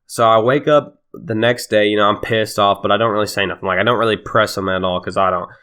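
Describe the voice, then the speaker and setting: A man's voice: fairly low pitch, steady tone, quick pace, bright, forceful tone, clear, resonant tone. A young man telling a heated storytime with lots of swearing and laughter. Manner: profane, laughing, heated retelling. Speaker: vlogger. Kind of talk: casual storytime.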